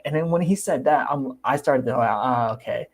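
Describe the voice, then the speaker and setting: A man's voice: on the high side, fairly quick, a little mellow, breathy edge. A young man chatting casually on his livestream about crypto. He talks animatedly, repeats himself and acts out the people he quotes. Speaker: crypto YouTuber.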